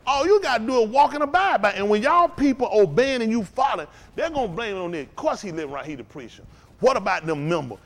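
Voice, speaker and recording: A male preacher delivering an impassioned sermon in a folksy, repetitive cadence, swinging from shouted peaks to low, intense murmurs as the congregation answers. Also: very animated, fast. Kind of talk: impassioned sermon with call-and-response. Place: house of worship.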